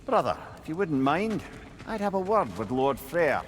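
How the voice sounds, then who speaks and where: A man's voice: fairly high pitch, sing-song, moderate pace, background noise. An actor playing a witty, chatty male advisor who is a severed head, speaking with dry, wry courtesy.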